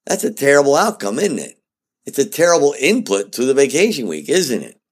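A man's voice: medium pitch, fairly quick, slightly rough. A man giving a casual spoken lesson on project leadership, talking in a conversational way and checking in with his listeners. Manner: animated and conversational, often checking in with "okay?".

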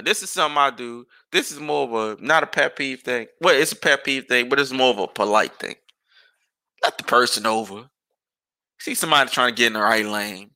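Gravelly, exasperated ranting man. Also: mid-range voice, a little fast. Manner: animated, exasperated ranting with profanity and rhetorical questions. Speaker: podcast host. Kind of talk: casual ranting monologue.

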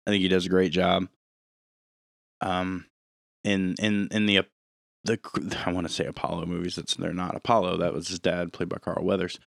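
A man co-hosting a podcast in casual chat, pausing and searching for his words. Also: low-pitched, level tone, vocal fry, dry recording, studio quality. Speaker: podcast co-host.

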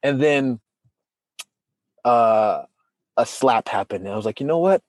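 A man's voice: unhurried, no room sound. A man in casual chat, telling a personal story with feeling and acting out what people said. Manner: animated storytelling, acts out quotes with big pitch jumps.

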